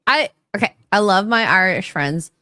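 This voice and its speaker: A woman's voice: medium pitch, expressive, moderate pace, bright, forceful tone, dry recording, studio quality. A woman co-hosting a livestream, playfully telling stories in casual chat. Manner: playful, storytelling. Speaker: livestream co-host.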